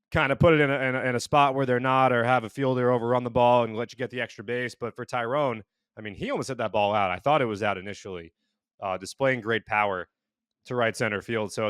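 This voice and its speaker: A man gives calm, analytical takes on the game with a teasing edge. His pitch is middling, and the recording is dry and close. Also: clear, resonant tone, no room sound. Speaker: co-host. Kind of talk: casual sports chat.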